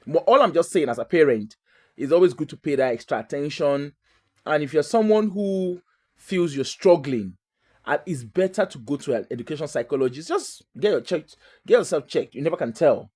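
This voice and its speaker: A woman's voice: low-pitched, lively intonation, normal speed, darkish tone, husky. A woman from Nigeria with a Nigerian accent, talking in a chatty, emphatic and digressive way as the host of a casual monologue.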